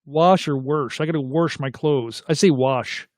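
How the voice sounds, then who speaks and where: A middle-aged man hosts a casual live chat, reading viewer comments aloud and tossing questions back to his audience. His voice sits fairly high for a man. The sound is close and dry. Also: measured pace, a little mellow, no room sound. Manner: chatty, reads comments aloud and asks viewers to weigh in.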